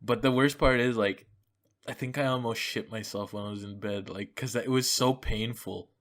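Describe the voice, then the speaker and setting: A man's voice: medium pitch, steady tone, normal speed, fairly bright tone. A young man hosting a casual podcast, telling a rambling, profane story full of fillers and restarts. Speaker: podcast host. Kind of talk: casual chat.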